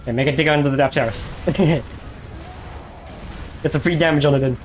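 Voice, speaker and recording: A male game streamer chatting casually to himself as he plays, easily excited and talking to the monster on screen. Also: on the high side, brisk, a little hiss or hum. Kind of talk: casual live gameplay commentary.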